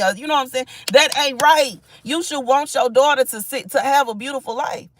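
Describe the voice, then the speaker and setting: A woman's voice: high voice, a little fast, hardly any pauses, dry recording. A woman giving impassioned spiritual messages on a livestream, emphatic and repetitive, often asking "you know what I'm saying". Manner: reads and thanks viewers from chat.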